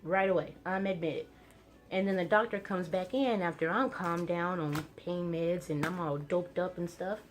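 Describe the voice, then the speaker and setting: A woman's voice: lowish voice, faint music behind. Young woman telling her own story. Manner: casual, many fillers, quick bursts when excited. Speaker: vlogger. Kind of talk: personal storytelling.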